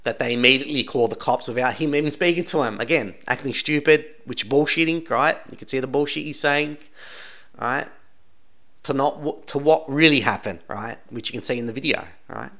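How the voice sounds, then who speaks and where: Speaking fairly quickly, an Aussie channel host offers loose, rambling remarks on video clips, his medium-pitched voice pushed and bright. He's insistent, and "right?" caps off nearly each sentence.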